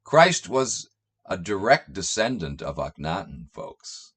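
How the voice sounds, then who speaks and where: A man's voice: low-pitched, big pitch swings, a bit bright, breathy edge. A man who reads out scripture passages and then mocks them with sarcastic, scornful commentary. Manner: reads quotes aloud then jeers, slow drawn-out delivery. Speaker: online commentator. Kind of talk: reading and mocking scripture passages.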